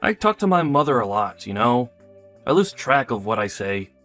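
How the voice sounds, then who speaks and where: A man's voice: medium pitch, big pitch swings, normal speed, fairly bright tone, faint music behind. A man voicing a careless, selfish young husband in a text-story drama, offhand and dismissive.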